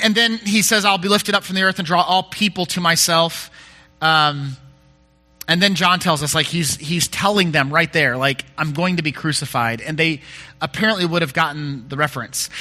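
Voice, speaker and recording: A man's voice: high voice, moderate pace, sharp tone. A male pastor giving a conversational sermon, candid and self-deprecating, often restarting his sentences.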